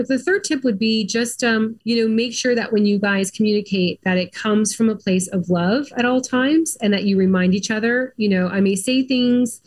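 A woman's voice: medium pitch, darkish tone. Chatty middle-aged woman telling her story. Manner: chatty, many "like" and "um" fillers. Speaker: podcast guest. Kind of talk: casual interview storytelling.

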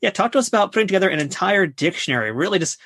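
A man hosting a podcast and asking a guest casual, quick questions. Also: sits high, very animated, fairly bright tone, slightly rough. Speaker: podcast host. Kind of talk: interview questions.

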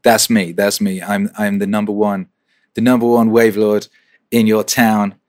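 A man's voice: lowish voice, little pitch movement, unhurried, faint music behind. A man hosting a weekly question-and-answer livestream, chatting casually, swearing and repeating phrases for rhythm. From England.

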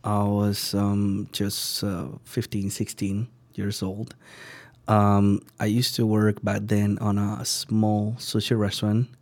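A man, a sushi chef telling his story as a guest, halting and searching for words and acting out the people he quotes. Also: on the low side, monotone, darkish tone, no echo. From Venezuela. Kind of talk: casual storytelling interview.

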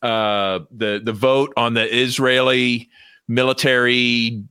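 Guy with a bright tense voice, dry close mic, lots of ums. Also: mid-range voice, level tone, slow, clear, resonant tone, dry recording. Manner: wry, hesitant, full of fillers. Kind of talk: casual chat.

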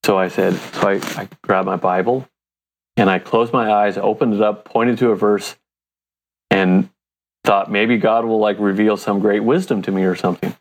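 A man's voice: lowish voice, steady tone, normal speed. A man from the United States, a company founder and interview guest, telling stories casually, laughing often and acting out his own thoughts.

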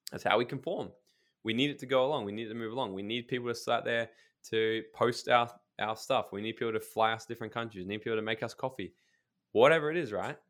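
A blunt man talks on a podcast in a casual, emphatic way, swearing freely as he makes his points. He tells stories with quick asides. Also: mid-range voice, fairly bright tone.

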